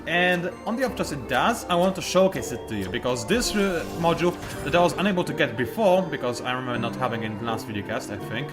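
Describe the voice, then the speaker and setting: Lively-voiced man commentating a game. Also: mid-range voice. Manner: chatty, explains moves as he plays, trails off and restarts. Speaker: let's play commentator. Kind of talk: gameplay commentary. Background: game music.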